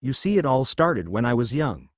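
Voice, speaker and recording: A man's voice: medium pitch, very animated, normal speed, dry recording, studio quality. A man voicing an earnest young male student hamming it up as a gloating cartoon villain with theatrical gasps.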